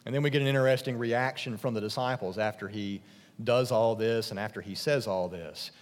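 A man preaching a sermon as a pastor, expressive, dropping soft and low for emphasis and rising for questions. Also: a little fast. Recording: long hall reverb.

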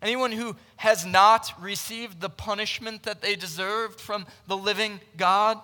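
High bright-voiced preacher in a reverberant hall. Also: male voice, fairly even intonation, a little slow. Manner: earnest, conversational preaching with frequent restarts; swings between loud emphasis and hushed delivery. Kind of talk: sermon. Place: large room with a live audience. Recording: long reverb from a large hall.

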